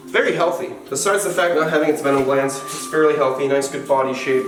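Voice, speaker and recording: A wildlife keeper vlogs from an indoor animal enclosure room, playfully chatting to the animals while cleaning their enclosures. His voice is on the high side with fairly even intonation, and he talks fast with hardly any pauses. The distant mic sounds roomy, with music underneath.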